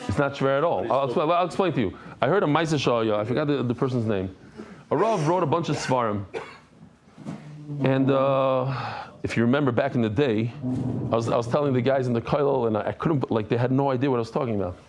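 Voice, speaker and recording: A middle-aged man, a rabbi, teaching a daily Talmud class in an animated, conversational way, mixing Hebrew and Aramaic terms into his English. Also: medium pitch, quick pace, a crowd in the background. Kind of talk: lively Talmud lesson.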